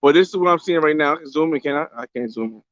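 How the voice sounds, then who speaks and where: A young man live-streaming a casual travel vlog from a beach, talking loosely in slang and shouting out viewers on a handheld phone. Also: on the high side, racing, no room sound. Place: outdoors on a beach by a boat landing. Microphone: phone camera held by hand. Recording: slightly dull lo-fi phone audio.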